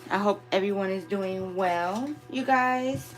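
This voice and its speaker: A woman's voice: mid-range voice, takes it slowly, a little mellow. Female live-stream host, casual and affectionate, phone-camera sound with faint music underneath. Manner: affectionate, chatty, calls viewers "my babies" and "y'all". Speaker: spiritual reader hosting a live stream.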